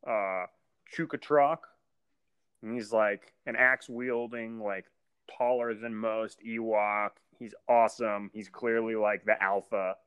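Guy on a podcast, casual chat, super animated, does little voices. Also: fairly low pitch, unhurried, clean tone, dry recording, lo-fi sound. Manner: animated, acts out scenes in mock voices. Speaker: podcast co-host.

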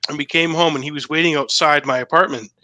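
Animated man, slightly high voice, bright and edgy, swears a lot. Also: fast talker, dry recording. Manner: excited, profane, repeats himself. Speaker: guest telling a story. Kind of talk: casual podcast chat.

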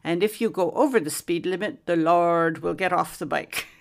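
A woman voicing a kindly Welsh man who gives gentle advice in a Welsh accent, slow and emphatic, with a gravelly edge. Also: fairly low pitch, close to an everyday voice. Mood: earnest.

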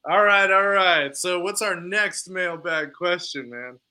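A man's voice: high-pitched, unhurried, pushed and bright, clean tone. A man co-hosting a podcast, chatting casually and laughing often. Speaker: podcast co-host. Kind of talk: casual chat.

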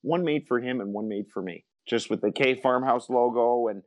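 A man hosts a casual podcast chat, rambling from one memory to the next. His voice sits at an ordinary pitch and is recorded dry and close, with no room sound. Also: moderate pace, no room sound. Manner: rambling, reminiscing. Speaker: podcast host.

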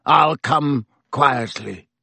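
A man voicing a fierce, desperate escaped male convict who snarls and croaks. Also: medium pitch, extremely slow, pushed and bright, dry recording, exaggerated voice. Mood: snarling.

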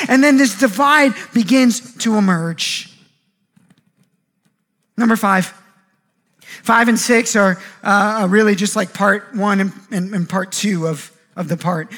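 A man in his thirties preaching a sermon, animated, acting out quoted voices and often repeating words as he goes. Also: sits high, a little slow. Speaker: pastor.

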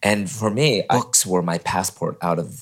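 A man in his forties from California, a podcast guest telling his personal story in an animated way and acting out the people he quotes. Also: moderate pace, husky. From California, USA. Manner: animated, acts out quoted people with sudden high voices.

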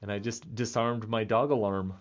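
A man's voice: on the low side, steady tone, moderate pace, dull audio. A man in his thirties rambling playfully in a casual monologue, laughing often. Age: 30s. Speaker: vlogger.

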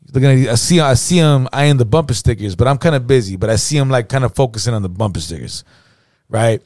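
A man's voice: medium pitch, animated, quick pace, a little mellow, dry recording. Slangy storytelling man, dry mic. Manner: slangy, profane, repeats "you know what I mean". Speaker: podcast co-host. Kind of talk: casual storytelling chat.

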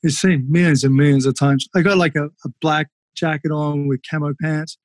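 Animated man telling fight stories. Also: on the high side, moderate pace, dry recording. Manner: animated, swears freely, many fillers. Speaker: podcast guest, former kickboxer. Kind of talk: casual storytelling.

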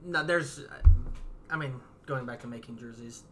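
A man's voice: medium pitch, moderate pace, bright, forceful tone, soft background music. A man appearing as a guest on a casual sports podcast, with dry, deflecting humor. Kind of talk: casual chat.

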